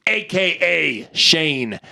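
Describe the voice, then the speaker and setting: A man's voice: on the high side, big pitch swings, drawn-out words, vocal fry, sharp tone. A man hosting a casual comedy podcast, joking his way through the sign-off. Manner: goofy, joking sign-off banter. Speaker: podcast host.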